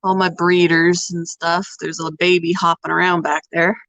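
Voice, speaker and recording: A woman hosting a casual pet livestream at home. She talks softly, sometimes in a whisper, and coos at her animals in baby talk. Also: lowish voice, flat delivery, moderate pace, creaky, no room sound, lo-fi sound. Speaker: pet channel host.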